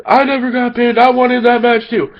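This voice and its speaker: A boastful wrestling villain whines in a mocking voice pitched far above normal, as a man puts him on. He sounds loud and pushy. The recording is dull and lo-fi. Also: little pitch movement, normal speed. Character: boastful male wrestling heel, whiny.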